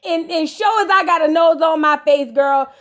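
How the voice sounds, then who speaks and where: A woman's voice: extremely high pitch, moderate pace. A woman hosting a casual reality TV reaction video, sassy and gossipy, roasting the cast and calling the listener "girl". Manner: blunt roasting asides.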